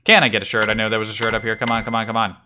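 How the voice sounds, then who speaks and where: A man's voice: lowish voice, little pitch movement, racing, noisy background. A man streaming a video game, muttering to himself in wry, slightly frantic casual commentary.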